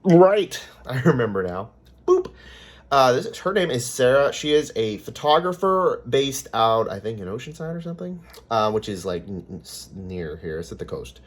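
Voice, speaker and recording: A man's voice: mid-range voice, big pitch swings, normal speed. Rambling Californian man signing off a vlog. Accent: Californian American. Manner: rambling, chatty, with frequent ums and self-corrections. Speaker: vlogger. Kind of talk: casual vlog sign-off chat.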